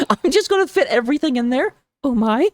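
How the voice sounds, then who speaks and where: A woman with a slightly high voice calls a live esports match. She talks rapidly and excitably, cracking playful jokes as she goes. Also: no echo. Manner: playful, jokey. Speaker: esports caster. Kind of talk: live game commentary on a stream.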